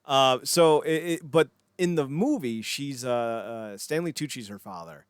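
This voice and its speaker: A man's voice: medium pitch, a little slow, clear, resonant tone, no echo, studio quality. A man co-hosting a wrestling podcast, chatting casually, rambling and laughing often, acting out quotes in little voices. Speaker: podcast co-host. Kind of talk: casual chat.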